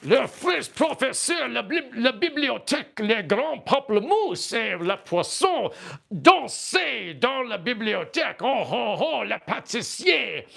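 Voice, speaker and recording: A man's voice: on the high side, steady tone, brisk, few pauses, fairly bright tone, lightly acted. A man putting on a jolly, boastful cartoon Frenchman with an exaggerated mock French voice and chortling laughs. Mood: hammy, jolly. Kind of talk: comic impression on a livestream.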